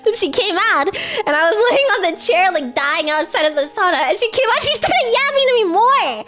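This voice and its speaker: A woman's voice: very high-pitched, sing-song, a little fast, bright, forceful tone. A woman streamer telling a story in a casual livestream chat, rambling and giggly, with lots of fillers.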